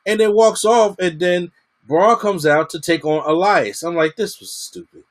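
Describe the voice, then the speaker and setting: A man's voice: sits high, moderate pace. A man giving a casual, slangy wrestling review, acting out what the wrestlers said. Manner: animated, slangy, acts out quotes.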